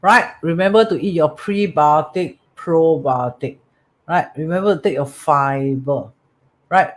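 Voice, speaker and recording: In an unhurried, slightly high voice, a male metaphysics teacher with a Singaporean English accent offers a motivational talk. He says phrases more than once and often checks in with "right?" and "correct?".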